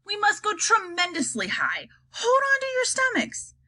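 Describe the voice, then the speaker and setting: A woman's voice: very high-pitched, wildly swooping pitch, normal speed, bright, forceful tone, pitched above the performer's own voice, heavily acted. A woman voicing a whimsical, eccentric male chocolate maker, grand and teasing in a storybook reading.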